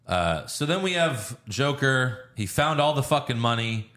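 A man's voice: mid-range voice, sing-song, a little slow, pushed and bright. A man co-hosting a podcast, casually recapping a movie scene by scene, acting out the lines and swearing freely. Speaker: podcast co-host. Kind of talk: casual movie review chat.

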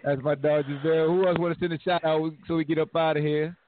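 A man hosting a sports call-in show, joking and laughing with his friends. His voice sits a little high and comes through thin and phone-like. A faint hiss sits underneath. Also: level tone, quick pace. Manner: playful, loose, laughs often. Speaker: podcast host. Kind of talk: casual sports call-in banter. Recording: tinny phone-line sound with faint noise.

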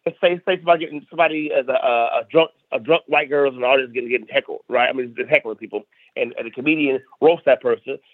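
A South Carolina stand-up comedian, appearing as a podcast guest, chats casually but emphatically and repeats phrases as he rants. His mid-range voice moves fast, and the recording is dry and tinny like a phone, with no echo.

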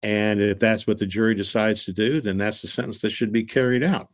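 A male podcast co-host and former prosecutor in casual chat, firm and blunt in his opinions. His voice sits fairly low. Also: fairly even intonation, a little fast.

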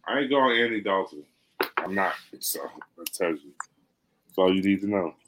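A man's voice: low voice, lively intonation, normal speed, fairly bright tone, poor audio. A man co-hosting a casual sports podcast, teasing his partner in easygoing, profane banter. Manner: laid-back, teasing banter. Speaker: podcast co-host.

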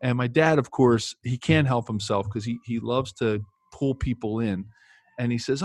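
A man's voice: mid-range voice, normal speed, no room sound. A man in his fifties, a former pro football player, telling stories casually with many fillers and restarts. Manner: rambling, lots of fillers and restarts. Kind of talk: casual storytelling.

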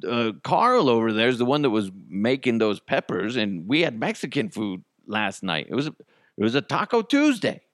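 A man's voice: mid-range voice, very animated, moderate pace, no room sound, clean studio sound, lightly acted. A man voicing a sheepish male astronaut who hesitantly owns up to breaking something. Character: sheepish male astronaut confessing he broke toilet.

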